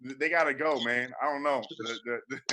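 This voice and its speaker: A man's voice: mid-range voice, fairly even intonation, normal speed, bright, forceful tone, slight background noise. A young man doing a loose, profane stand-up comedy set over a video call, laughing at his own jokes.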